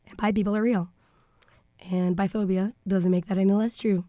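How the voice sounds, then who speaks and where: A woman's voice: medium pitch, fairly even intonation, moderate pace, dark tone, dry recording. A young woman, talking frankly and a bit snarkily on a podcast, thinking aloud with fillers. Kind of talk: casual podcast discussion. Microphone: studio microphone.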